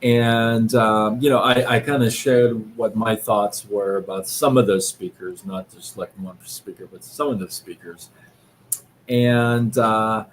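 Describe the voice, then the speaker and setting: A man talks unhurriedly on his live stream, his voice sitting a little low and his thoughts unfolding with fillers and restarts. A faint hum of room noise sits behind him. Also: fairly even intonation. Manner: slow, reflective, with many fillers and restarts. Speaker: livestream host. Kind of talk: casual motivational talk. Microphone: live-stream setup.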